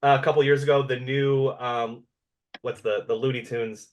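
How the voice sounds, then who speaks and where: A man co-hosts a podcast in casual chat, telling stories in a rambling, animated way packed with fillers. His voice is medium-pitched and his speed normal.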